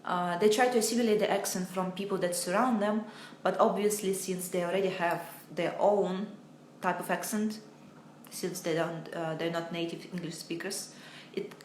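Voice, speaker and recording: A woman, an English teacher talking in a live online Q&A lesson and pausing often on filler sounds. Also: fairly low pitch, slight background noise. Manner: hesitant, many filler sounds, reads viewer comments aloud. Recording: roomy echo.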